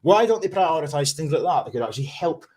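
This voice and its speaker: A man's voice: a little high, expressive, fast talker, a little mellow. A man with a Scottish accent hosting a casual livestream chat from his room, ranting and swearing constantly in an agitated way. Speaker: livestream host. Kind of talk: casual live-stream chat. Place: home room.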